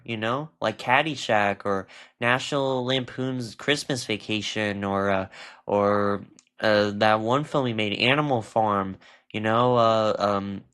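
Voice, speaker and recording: A man's voice: medium pitch, a bit bright, clear, resonant tone. A man with a stuffed nose giving a casual, rambling film review while he ranks a tier list, often losing his train of thought.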